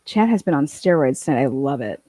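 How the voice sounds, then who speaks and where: A woman's voice: very deep voice, animated, fairly quick, mellow, dry recording. A woman hosting a casual livestream, chatting and reading out viewer comments, swearing and laughing often. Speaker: livestream host reading chat.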